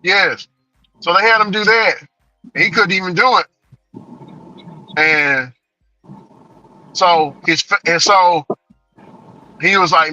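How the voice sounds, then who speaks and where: A man's voice: high voice, slow pace, pauses often, no room sound, dull audio, soft background music. A man telling a story in casual chat as a delivery driver vlogger, laughing often. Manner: laughing, animated retelling.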